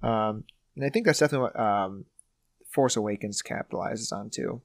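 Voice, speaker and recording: A man's voice: fairly low pitch, brisk, vocal fry, no echo, studio quality. A man co-hosting a podcast in loose, casual chat, swearing freely and filling his talk with "like". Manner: loose, profane, filler-heavy talk with lots of "like". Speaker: podcast co-host running a quote quiz.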